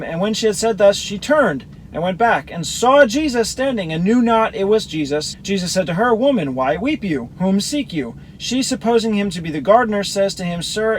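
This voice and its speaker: A man's voice: high voice, slight background noise, poor audio. A man reading Bible verses aloud and explaining them, comparing the gospel accounts as a teacher. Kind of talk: scripture reading with commentary.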